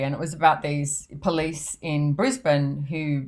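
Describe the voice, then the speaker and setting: A low-pitched woman talks in a loose, chatty way on a podcast. She laughs easily and slips into quoting other people as she tells stories. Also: fairly even intonation, unhurried, a little mellow. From Australia. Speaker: podcast host and author. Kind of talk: casual podcast chat.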